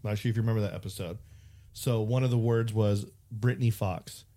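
A man hosting a podcast, telling stories in casual chat and slipping into quick imitations. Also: on the low side. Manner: animated storyteller, slips into imitations. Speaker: podcast host.

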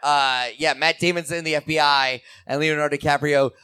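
A man's voice: on the high side, fairly even intonation, a little fast, sharp tone, clear, resonant tone, no room sound, studio quality. A man co-hosting a podcast, chatting casually in a playful, joking way. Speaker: podcast co-host. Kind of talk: casual chat.

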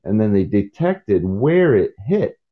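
A man with a very deep voice that still swings up and down a lot, talks in a loose, rambling way, and hops from one story to the next. He acts out the people in his stories in quick bursts. He is recording from the cab of his truck while driving, and the sound is a little muffled and lo-fi. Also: sing-song. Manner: jumps between topics and acts out quoted voices. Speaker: podcast host. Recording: dull lo-fi sound.

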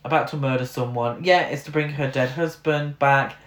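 His medium-pitched voice stays steady and a bit bright at a moderate pace as he vents, exasperated and full of fillers, during a casual film review he co-hosts on a podcast. There is a roomy echo.

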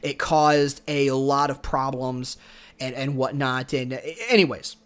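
A man's voice: medium pitch, little pitch movement, unhurried, a bit bright, smooth. A man hosting a solo podcast, giving opinionated, argumentative commentary straight to the listener. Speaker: podcast host.

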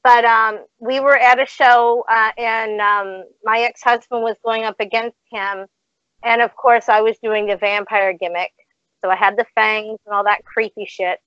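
A woman's voice: a little high, little pitch movement, unhurried, fairly bright tone, no echo. A woman, a former wrestling manager, telling brash stories as a podcast guest and swearing freely while she acts out what people said. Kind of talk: casual storytelling on a podcast. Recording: dry, slightly dull video call audio.

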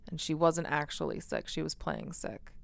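A woman in her thirties chatting casually, retelling a film plot with animated energy and frequent swearing. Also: deep voice, normal speed, vocal fry. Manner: animated storyteller, swears freely, acts out quoted lines. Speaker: podcast co-host.

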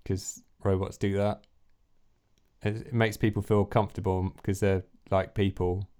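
A man's voice: low voice, level tone, measured pace, mellow, smooth. A man narrating as game master, rambling with fillers and asides.

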